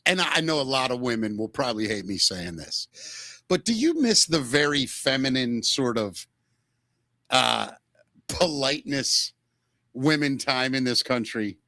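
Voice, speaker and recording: A man co-hosting a podcast in casual chat, animated and jokey, often slipping into silly voices. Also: mid-range voice, unhurried, no room sound. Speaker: podcast co-host. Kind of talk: casual chat, comedic impressions.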